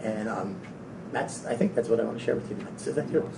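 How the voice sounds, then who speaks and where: Gravelly man rambling in an echoey room. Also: fast talker. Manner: rambling, stumbling over repeated words. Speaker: motivational speaker. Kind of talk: live motivational talk to an audience. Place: event room. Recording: echoey room from a distance, faint low rumble.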